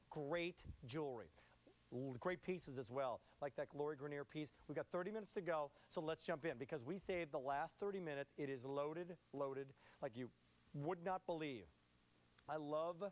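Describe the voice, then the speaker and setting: A man hosting a live shopping channel broadcast in an upbeat, chatty sales patter. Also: a little high.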